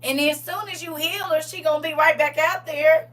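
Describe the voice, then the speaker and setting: Bright, animated woman telling stories. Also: high voice, moderate pace, hardly any pauses, recorded from a distance, rough recording. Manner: animated, dramatic, laughing often. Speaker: live show host, mother. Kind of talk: comedic storytelling testimony.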